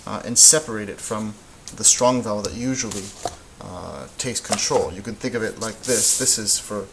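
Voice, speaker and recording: A man teaching Spanish in a relaxed, patient way, thinking aloud as he works through examples. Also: fairly low pitch, moderate pace, vocal fry, noisy background. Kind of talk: informal classroom explanation.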